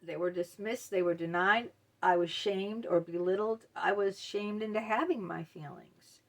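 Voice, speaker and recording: This middle-aged host of a mental health video opens up to the camera with raw emotion and honesty, her pitch medium. Her speech keeps stalling on fillers as she shares something personal.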